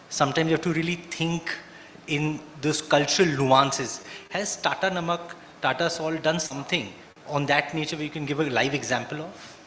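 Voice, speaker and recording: A man's voice: fairly high pitch, sharp tone. A man who moderates a conference panel, asking probing follow-up questions. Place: conference hall. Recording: echoey hall with faint noise.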